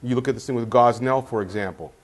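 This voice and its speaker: A man's voice: mid-range voice, fast. A man speaking as a guest on a political panel, earnest and repeating words as he searches for them.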